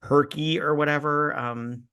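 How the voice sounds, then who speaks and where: Tipsy male co-host, profane, animated retelling of movie scenes. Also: fairly high pitch, unhurried, clean tone. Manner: profane, animated, acts out quoted film scenes. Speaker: podcast co-host. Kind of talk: casual chat.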